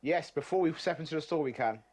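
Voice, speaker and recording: A man's voice: a little high, fast, darkish tone. A man playing a tabletop game, describing his character's actions in a joking, casual way. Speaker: player.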